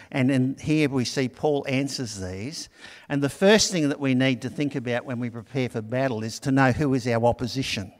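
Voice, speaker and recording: A man's voice: medium pitch, big-room sound. A middle-aged man preaching a sermon in a conversational, storytelling way. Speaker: pastor.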